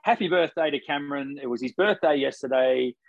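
A man's voice: a little high, a little fast, vocal fry, no echo, lo-fi sound. Man, co-host, easygoing live-stream banter, dry close sound over a video call. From Australia. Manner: relaxed, chatty, frequent ums. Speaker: podcast co-host. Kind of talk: casual live-stream chat.

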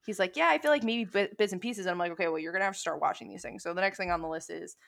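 A young woman chats casually in a slightly low voice, wandering through her stories with lots of energy. She swears freely as she talks. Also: rapid-fire, creaky. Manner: rambling, animated storyteller who swears casually. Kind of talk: casual chat.

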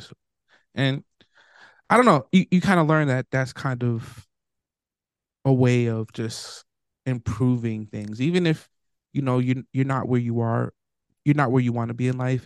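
A man talks in a relaxed podcast chat, his voice gravelly with vocal fry. He hesitates often, filling gaps with ums and letting thoughts trail off, and the sound is dry and close. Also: medium pitch, dry recording. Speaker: podcast co-host. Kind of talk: casual chat.

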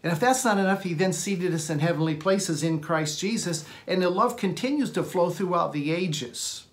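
Earnest preaching man, slightly high voice. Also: normal speed. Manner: earnest preaching, reads scripture aloud, repeats words when restarting. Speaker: pastor. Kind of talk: sermon.

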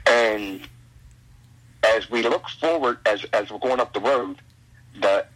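A man telling a road story as a guest in a casual chat, animated and full of stammered restarts. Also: on the low side, breathy edge, rough recording. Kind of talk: casual anecdote.

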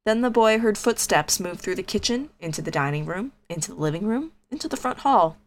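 A woman co-hosting a podcast, reading a spooky children's story aloud in a casual, animated way, slowing down for drawn-out groans. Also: medium pitch. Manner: animated, reads with dramatic slow groans, laughs easily. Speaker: podcast co-host.

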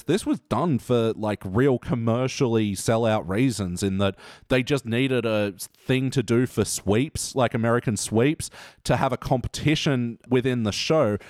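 A man's voice: medium pitch, a little mellow, dry recording. Guy hosting a podcast, joking around, mid voice, dead dry sound. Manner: playful, chatty, laughs often. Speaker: podcast host. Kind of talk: casual chat.

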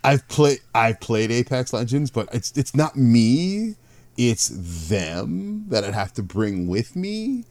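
A man's voice: mid-range voice, very animated, slow, a little mellow, dry recording. A middle-aged man co-hosting a podcast, chatting casually and rambling with frequent self-corrections. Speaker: podcast co-host. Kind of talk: casual chat.

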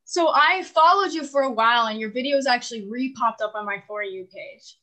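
A woman's voice: fairly high pitch, a little fast, sharp tone, poor audio. A young woman in her twenties telling her story as a caller in casual, rambling talk, full of "like" fillers and frequent laughs. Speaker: caller seeking relationship advice. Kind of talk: casual confessional chat.

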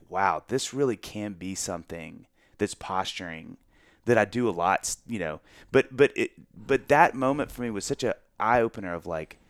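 Man in his forties, lowish voice, dry close sound, lively self-mocking storyteller. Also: no echo. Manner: animated storyteller, self-mocking, many restarts and asides. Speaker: guest. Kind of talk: casual storytelling chat.

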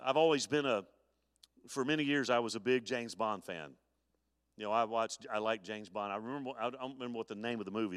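A man's voice: medium pitch, a bit bright, smooth, dry recording, clean studio sound, big-room sound. A man preaching a live sermon as pastor, folksy, with stammered restarts and chuckles. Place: church sanctuary.

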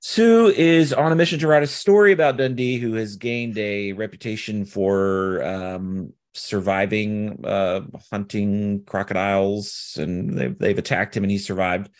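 A man's voice: lowish voice, fairly even intonation, a little slow, few pauses. A man co-hosting a podcast, talking about movies in a loose, rambling way full of fillers and restarts. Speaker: podcast co-host. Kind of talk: casual film discussion.

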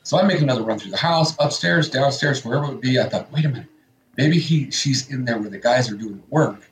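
A man's voice: mid-range voice, quick pace, roomy sound, soft background music. Rambling middle-aged male radio co-host. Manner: rambling storyteller, acts out family quotes. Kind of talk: casual chat.

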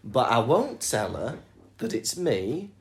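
A man's voice: medium pitch, sing-song, takes it slowly, voice pushed down. A man doing a scheming old king. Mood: declaring.

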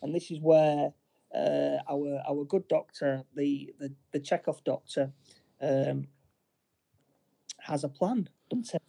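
A man co-hosting a casual chat, recapping a film plot in a halting way with many restarts. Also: on the high side, fairly even intonation, gravelly, dark tone, no room sound. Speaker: podcast co-host.

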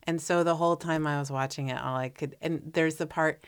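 A woman's voice: low-pitched, fairly even intonation, brisk, smooth, no echo, studio quality. A woman co-hosting a casual pop-culture chat, rambling playfully and restarting her sentences.

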